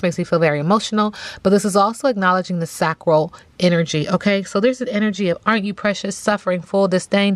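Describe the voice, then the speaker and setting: A woman giving a casual tarot reading in a chatty, drawn-out way, often checking in with "okay?". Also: fairly low pitch, dry recording. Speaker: tarot reader.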